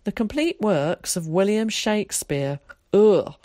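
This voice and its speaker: A woman reading aloud, voicing a blunt, scornful working-class village boy with rough dialect. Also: fairly low pitch, sing-song, normal speed, darkish tone, dry recording, clean studio sound.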